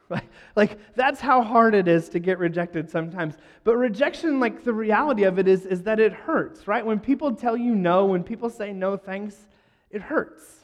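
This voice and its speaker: Man, high voice, self-deprecating storyteller, live audience talk, long hall reverb. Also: moderate pace. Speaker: speaker addressing a live audience. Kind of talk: humorous talk to a crowd.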